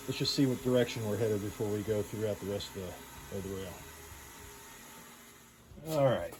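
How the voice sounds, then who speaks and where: A man giving a casual workshop demonstration as a pinball restorer, thinking aloud in a loose, unhurried way. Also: medium pitch, background noise. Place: home workshop at a workbench.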